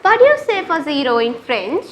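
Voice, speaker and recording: A woman teaching a lesson to pupils, speaking slowly and repeating each word for them to copy. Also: high-pitched, sing-song, slight background noise. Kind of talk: classroom lesson.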